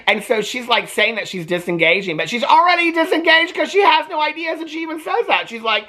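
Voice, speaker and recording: A man's voice: extremely high pitch, big pitch swings, fast talker, few pauses, pushed and bright. A man chatting casually about a TV show he is watching, swearing freely and laughing often. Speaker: reaction channel host. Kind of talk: casual TV reaction commentary.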